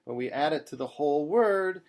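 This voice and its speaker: A man's voice: fairly high pitch, expressive, moderate pace, darkish tone. Man teaching Torah chanting step by step. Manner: patient, explains step by step and sings short chant examples. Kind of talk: screen-share tutorial lesson.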